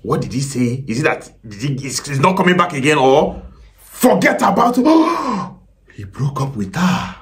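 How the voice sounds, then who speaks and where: A man's voice: a little high, moderate pace. A young Nigerian man with a Nigerian accent, hosting a casual reaction video and asking viewers lots of questions. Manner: animated, asks the viewers many questions, swears now and then. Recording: loud music under the voice. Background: song playing loudly.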